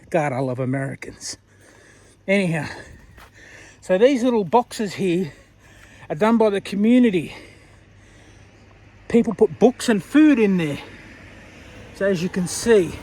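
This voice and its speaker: A man's voice: high-pitched, darkish tone. A man talking to camera in a rambling, chatty way while walking down a street at night, laughing often. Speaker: vlogger. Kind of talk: casual walking vlog.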